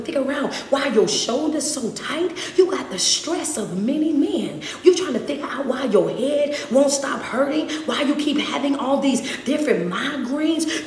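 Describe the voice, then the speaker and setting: A woman motivational speaker and life coach giving a live-streamed talk in a rhythmic, repetitive, preacher-like cadence. She often drops to soft near-whispers to comfort her listeners. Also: high-pitched. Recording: roomy echo with faint background noise.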